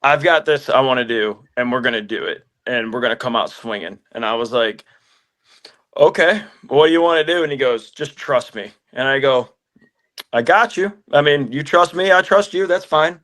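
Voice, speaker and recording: A musician in a casual interview, telling stories with lively acted-out phone calls. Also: male voice, medium pitch, moderate pace. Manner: animated storyteller, acts out phone calls.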